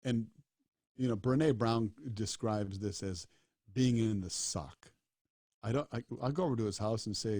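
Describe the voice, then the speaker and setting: A man's voice: on the low side, normal speed, darkish tone, no room sound, clean studio sound. A middle-aged man, a doctor, telling stories in an earnest way and acting out the dialogue. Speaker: disaster doctor and speaker. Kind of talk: storytelling talk.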